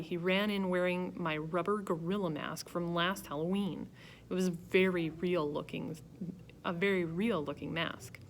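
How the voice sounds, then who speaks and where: A woman's voice: on the low side, slight background noise. Woman reading a children's story. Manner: lively first-person storytelling. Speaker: reader. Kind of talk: storybook narration.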